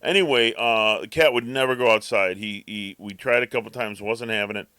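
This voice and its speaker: Man, bright voice, dry close sound, rambling storyteller, casual podcast chat. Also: lowish voice, a little fast, smooth, dry recording. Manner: rambling storyteller, acts out the cat's thoughts. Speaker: podcast co-host.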